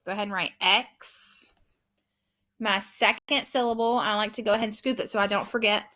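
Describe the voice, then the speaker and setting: A woman teaching a phonics lesson, patiently sounding out words slowly and clearly. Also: mid-range voice, steady tone, sharp tone, slight background noise. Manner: patient, encouraging.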